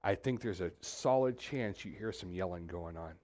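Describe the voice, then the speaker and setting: A middle-aged man, preaching a sermon in a church in a lively, conversational way and talking straight to the congregation. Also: sits low, moderate pace. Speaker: pastor. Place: church sanctuary.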